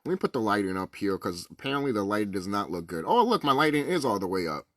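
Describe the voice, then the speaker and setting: A man's voice: fairly low pitch, very animated, fast talker, fairly bright tone, slight background noise. A man ranting to camera in a rambling, profane, emphatic way about spiritual ideas. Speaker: vlogger. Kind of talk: casual spiritual rant to camera.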